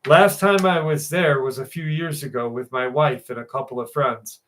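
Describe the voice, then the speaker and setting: A man's voice: mid-range voice, normal speed, a bit bright. A man hosting a live show, reading a viewer's story aloud and then chatting loosely with his live chat, joking and swearing freely. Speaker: show host.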